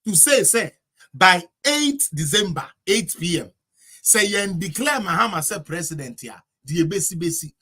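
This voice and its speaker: A man's voice: sits high, very animated, moderate pace, bright, forceful tone, husky. A man with a Ghanaian accent delivering a heated, mocking political commentary rant.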